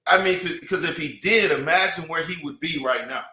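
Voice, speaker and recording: A man's voice: a little high, brisk, pushed and bright, reverberant, low-quality recording. A man in casual podcast chat, rambling with many restarts and "you know what I mean".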